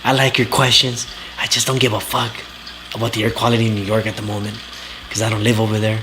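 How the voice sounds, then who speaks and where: A man's voice: fairly low pitch, level tone, fast talker, noisy background. Ranting man. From Southern California. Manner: profane, blunt, ranting. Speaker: talk show host reading live chat. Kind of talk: casual livestream rant.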